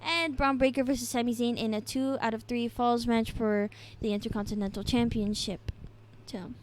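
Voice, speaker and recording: A woman's voice: a little high, fairly even intonation, normal speed. A young woman co-hosting a podcast, recapping the week casually, chatty and giggly with plenty of ums. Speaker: podcast co-host. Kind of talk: casual wrestling recap chat.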